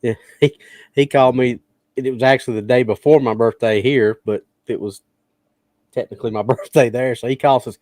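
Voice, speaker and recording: A man's voice: mid-range voice, fairly even intonation, fairly quick, darkish tone, no echo. A man co-hosting a podcast, telling stories with frequent laughter in casual chat. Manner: storytelling, laughs often. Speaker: podcast co-host.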